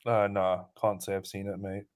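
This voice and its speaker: Brief: relaxed male co-host, low voice, easygoing chat. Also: normal speed. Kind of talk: casual livestream chat.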